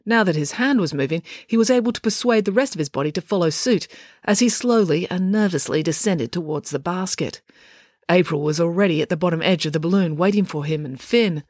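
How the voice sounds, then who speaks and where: A woman reading a children's adventure story aloud, lively and expressive. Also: fairly low pitch, a little fast, no room sound, studio quality. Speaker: audiobook reader. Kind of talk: scripted storybook narration.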